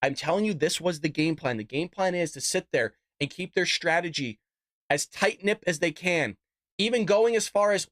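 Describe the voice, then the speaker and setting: A man's voice: sits high, moderate pace, a bit bright, dry recording, clean studio sound. A man hosting an unscripted political commentary livestream, talking in a fired-up, sarcastic rant. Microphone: desk microphone and camera.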